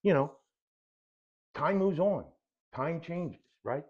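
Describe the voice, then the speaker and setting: A man's voice: a little high, lively intonation, takes it slowly. A middle-aged man co-hosting a podcast, bantering with blunt wisecracks in casual chat. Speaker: podcast co-host. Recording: dull, lo-fi sound.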